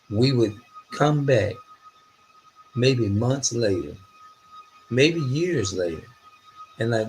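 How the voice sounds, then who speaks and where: A middle-aged man, talking casually and cursing freely as he tells a story. His pitch swings widely from phrase to phrase. A faint background noise sits behind his voice. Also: takes it slowly, long pauses, poor audio. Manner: animated, profane, loosely phrased storytelling.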